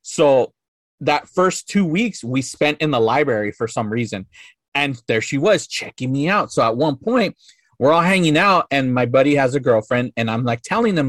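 A man's voice: mid-range voice, expressive, normal speed, a bit bright, no echo, clean studio sound. A man in his thirties, a podcast guest telling a story casually in a rambling, profane way full of filler words.

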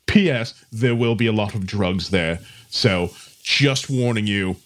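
A man's voice: lowish voice, measured pace, fairly bright tone. A man casually playing a fairy character in a tabletop game, joking as he talks. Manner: joking, laid-back, voices a fairy. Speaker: player.

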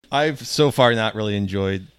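A man co-hosting a casual comedy podcast with a hoarse, cracking voice, swearing and riffing. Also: on the low side, unhurried, a bit bright, no echo, clean studio sound. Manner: swears a lot, riffs and restarts. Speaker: podcast co-host.

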